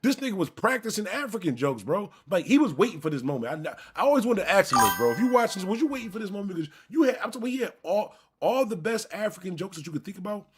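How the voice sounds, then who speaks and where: A man's voice: sits high, fast, hardly any pauses, slightly rough, faint music behind. A man from Buffalo, New York, hosting a live stream and telling a rambling, profane personal story straight to his viewers. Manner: animated, rambling, profane, addresses viewers directly. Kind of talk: casual storytelling.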